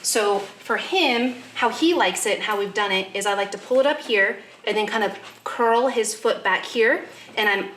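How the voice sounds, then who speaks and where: At home with her dogs, a young woman vlogs as she works through their morning routine, explaining each step chattily and cooing at them now and then. Her mid-range voice is a bit bright and moves at a moderate pace, with a slight hiss or hum in the recording.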